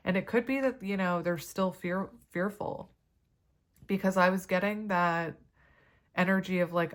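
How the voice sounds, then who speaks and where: A woman's voice: lowish voice, steady tone, moderate pace. A woman giving a tarot reading to camera, chatty and rambling, with many fillers and side stories. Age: adult parent. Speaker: tarot reader.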